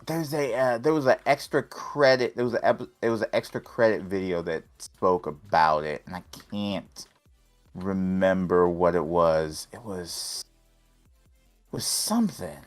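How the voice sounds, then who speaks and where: Man co-host, lower voice, rambling chat, faint music underneath. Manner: rambling, many fillers and restarts. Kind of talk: casual tech podcast chat.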